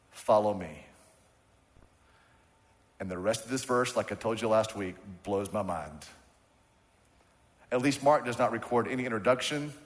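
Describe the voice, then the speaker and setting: A man preaching a sermon as pastor, leading the congregation in call-and-response and hammering his points with repetition. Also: mid-range voice. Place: church sanctuary. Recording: church hall with long reverb.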